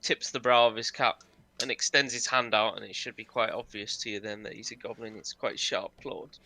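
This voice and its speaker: A man's voice: lowish voice, steady tone, fairly quick, creaky, sharp tone. A man running a tabletop role-playing game as game master, narrating in a casual, loose way.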